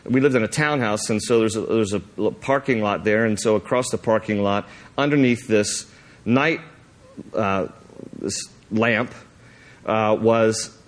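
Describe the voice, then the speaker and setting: Acting out a scene as he tells a sermon story, this animated male pastor keeps a measured pace. His telling rambles with fillers and restarts, and excitement sends his voice jumping high.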